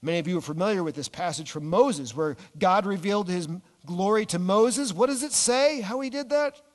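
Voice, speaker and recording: A man preaching a sermon, animated, dropping his voice low and slowing down on key words. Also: long reverb tail. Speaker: pastor.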